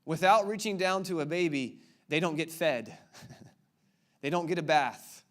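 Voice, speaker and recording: A man's voice: fairly high pitch, a little slow, fairly bright tone. A man in his thirties, a pastor preaching a sermon in a church and playfully quizzing the congregation with repeated questions. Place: church auditorium before a congregation.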